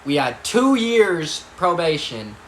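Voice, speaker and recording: A man's voice: fairly high pitch, big pitch swings, slow, a little hiss or hum. A young man telling a story casually, with lots of swearing and rambling asides. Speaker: vlogger. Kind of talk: storytime vlog. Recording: echoey room, faint ambience.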